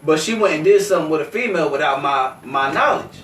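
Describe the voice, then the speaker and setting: A high-voiced man in a casual podcast conversation, emphatic and profane, whose pitch leaps around. He sounds distant from the mic in an echoey room. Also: lively intonation, fast talker, a bit bright, slight background noise. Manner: emphatic, profane, laughing asides. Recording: roomy echo, distant mic.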